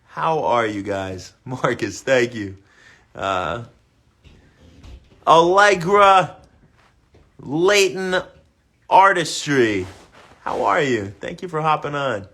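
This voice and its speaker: A young man hosting a casual fitness livestream, explaining warm-ups and giving upbeat shout-outs to viewers. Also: on the high side, animated, takes it slowly, pauses often. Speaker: fitness host.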